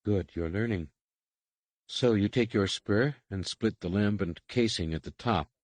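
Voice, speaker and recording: A man voicing a stern female alien overseer in an audiobook, speaking in clipped, measured commands. His tone is low and dry. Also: a little mellow, no room sound. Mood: stern, instructing. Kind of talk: audiobook character reading.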